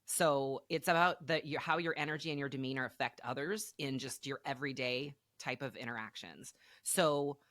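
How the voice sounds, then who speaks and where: A woman's voice: rumbling low, moderate pace, hardly any pauses, fairly bright tone, dry recording, studio quality. A woman hosting a casual podcast chat. She laughs often and restarts her sentences as she searches for words. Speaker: podcast host.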